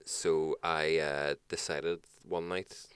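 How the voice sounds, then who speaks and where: A man's voice: extremely low pitch, little pitch movement, takes it slowly, fairly bright tone, clean tone, no room sound. A young adult man with a Northern Irish accent, co-hosting a casual podcast, telling stories and ranting bluntly with constant swearing. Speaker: podcast co-host. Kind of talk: casual chat, storytelling.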